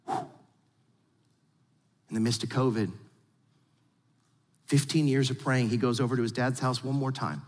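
A man preaching a sermon as pastor, telling stories with animated energy and often repeating words as he starts a phrase. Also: medium pitch, a little slow, long pauses. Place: large church auditorium. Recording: long hall reverb.

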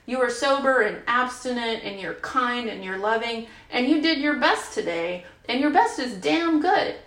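A woman's voice: a little high, animated, moderate pace, a bit bright. A woman in her fifties voicing a kind, encouraging inner queen of compassion, gushing with praise. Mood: reassuring. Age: 50s. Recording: roomy echo.

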